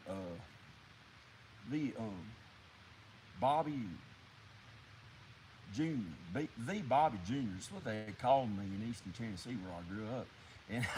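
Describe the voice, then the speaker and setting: Hesitant older drifter, rambling life story, lots of pauses, as a man puts him on. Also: mid-range voice, slight background noise, voice pushed down, poor audio. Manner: halting, full of ums and trailing pauses. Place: woods outdoors.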